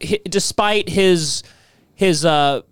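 A man's voice: a little high, slow pace, smooth, dry recording, studio quality. A man hosting a casual comedy podcast, rambling with many fillers. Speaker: podcast host.

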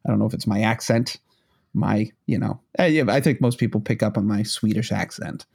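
A man's voice: fairly low pitch, fairly quick, gravelly, darkish tone. A man co-hosting a casual podcast chat, rambling with many restarts and frequent laughter. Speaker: podcast co-host.

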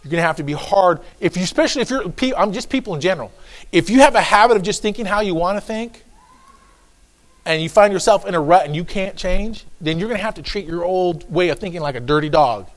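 A pastor preaching a sermon, emphatic and repetitive, folksy with joking asides, swinging from low asides to shouts. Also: male voice, animated, quick pace.

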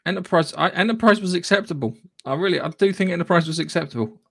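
A man's voice: high-pitched, fast, vocal fry, fairly bright tone, dry recording. A man co-hosting a podcast in a casual, sweary, rambling chat. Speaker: podcast co-host.

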